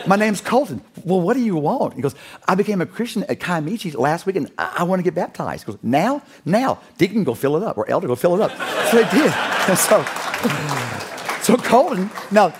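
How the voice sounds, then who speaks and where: A man preaching, telling a story with lively quoted voices and laughter in his delivery. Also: medium pitch, husky. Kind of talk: storytelling sermon.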